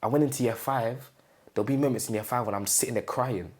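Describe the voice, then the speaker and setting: A young man from England in an interview, telling his own story in a casual, halting way and often acting out what his family said. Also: medium pitch, a little mellow. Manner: halting, repeats phrases, acts out quoted family speech.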